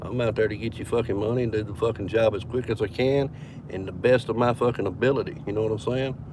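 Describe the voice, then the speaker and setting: A man's voice: lowish voice, fairly even intonation, fast talker. Man vlogging from his car, profane storyteller, noisy outdoor phone audio. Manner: profane, rambling, quotes others with "I said, he said". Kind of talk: casual storytelling vlog. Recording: noisy phone recording near traffic.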